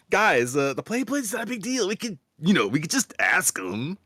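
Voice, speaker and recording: A man's voice: on the high side, big pitch swings, normal speed, a bit bright, no room sound, studio quality. A man co-hosting a podcast, joking sarcastically in casual chat. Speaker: podcast co-host.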